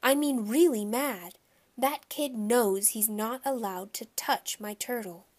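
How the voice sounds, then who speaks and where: A woman narrating a children's audiobook in a lively, expressive way. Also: fairly high pitch, takes it slowly.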